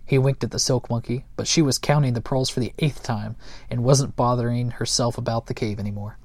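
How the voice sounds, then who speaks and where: A man's voice: mid-range voice, fairly even intonation, no room sound. Man reading a storybook aloud, dry sound. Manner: gentle, unhurried, occasional slips and chuckles. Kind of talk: reading a children's book aloud.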